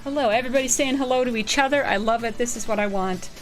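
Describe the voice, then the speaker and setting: A woman streamer chatting casually and excitedly, greeting viewers by name. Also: fairly high pitch, quick pace, faint music behind. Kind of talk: casual live-stream chat.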